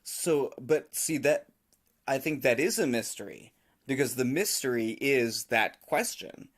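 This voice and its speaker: A man's voice: medium pitch, animated, a little slow. A man co-hosting a podcast, thinking through ideas aloud in casual chat with fillers. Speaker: podcast co-host.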